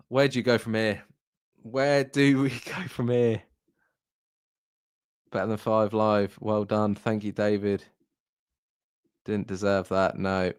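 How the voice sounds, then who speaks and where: A young man streaming a live football watchalong, hoarse after hours of commentary, deflated and halting, repeating himself as he reads the chat. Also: on the low side, no echo, clean studio sound.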